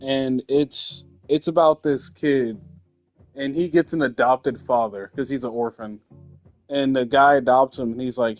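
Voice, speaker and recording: A man's voice: mid-range voice, fairly even intonation, unhurried, soft background music. A young man hosting a casual, comedic chat, telling rambling stories full of swearing. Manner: crude, rambling storytelling with swearing. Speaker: host.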